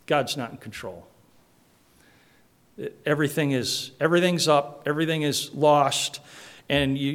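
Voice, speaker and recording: A man's voice: a little high, fairly bright tone. A man preaching a conversational sermon, with frequent restarts and asides to the congregation. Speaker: pastor.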